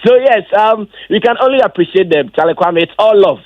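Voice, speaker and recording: A man, an event organizer answering interview questions as an emphatic storyteller whose voice leaps high when he gets excited. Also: brisk, no room sound. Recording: dull lo-fi dry sound.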